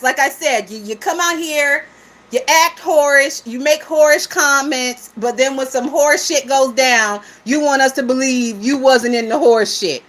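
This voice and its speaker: A woman's voice: high-pitched, fairly bright tone. A woman hosting a gossip livestream, talking casually and profanely with lots of laughter and mocking asides while reading viewer comments.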